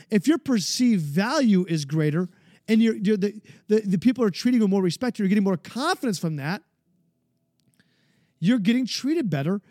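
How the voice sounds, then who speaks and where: A man's voice: extremely high pitch, a little mellow, no room sound, clean studio sound. A man hosting a podcast, giving an emphatic, preachy motivational monologue, casually swearing and restarting phrases. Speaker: podcast host.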